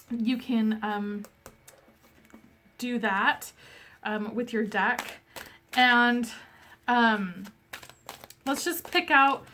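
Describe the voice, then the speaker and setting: Still getting over an illness, this young woman coughs through a casual oracle deck review, alternating booklet read-alouds with chatty, earnest commentary. She says "um" a lot and apologizes often, her high voice a bit bright.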